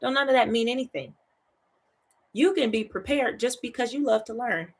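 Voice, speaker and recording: A woman with a husky, rather high voice runs a Bible study at normal speed, teaching in an easygoing, talkative way. She laughs often, keeps asking "right?" and echoes her own phrases for emphasis.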